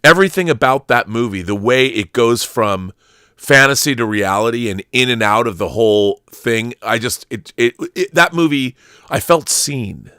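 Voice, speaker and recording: This middle-aged host has a mid-range, expressive voice that's sharp yet smooth, delivered at normal speed. In a casual chat he wanders through heartfelt stories with many restarts, recorded dry and at studio quality.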